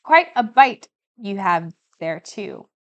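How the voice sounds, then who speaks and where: A woman's voice: medium pitch, big pitch swings, takes it slowly, highs cut off. A woman reading aloud the lines of a proud Cuban rebel father home from the revolution. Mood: teasing. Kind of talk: audiobook reading.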